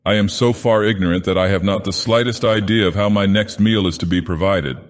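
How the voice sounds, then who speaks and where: A man's voice: low voice, steady tone, a little fast, close to an everyday voice. A man voicing a desperate, starving young woman in a pleading manner. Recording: long reverb.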